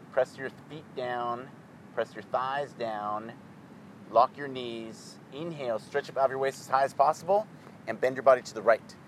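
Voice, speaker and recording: A man leading a yoga class, giving calm, rhythmic, clipped instructions. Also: medium pitch, slight background noise, poor audio.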